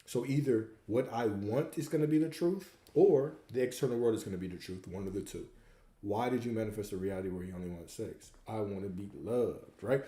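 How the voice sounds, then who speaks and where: A man's voice: lowish voice, fairly quick, dark tone. Preachy man in an echoey room. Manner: preachy, repeats rhetorical questions. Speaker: host answering viewer questions. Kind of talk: livestream Q&A coaching talk.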